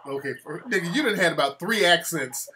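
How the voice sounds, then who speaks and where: A man's voice: on the high side, lively intonation, a little fast, sharp tone, breathy edge. A man hosting a live call-in show, mocking callers in loose street slang. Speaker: host.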